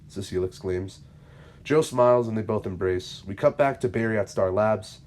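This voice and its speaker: A man's voice: lowish voice, normal speed, darkish tone, slight background noise. A man hosting his channel, reading out a fan-written episode script in a plain, matter-of-fact way. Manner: plain, matter-of-fact narration with small slips. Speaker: channel host and narrator.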